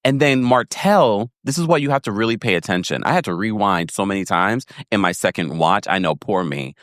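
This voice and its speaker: Animated man recapping reality TV. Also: fairly quick, no room sound, clean studio sound. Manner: animated, laughs often, acts out quotes in a higher voice. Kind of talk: casual commentary.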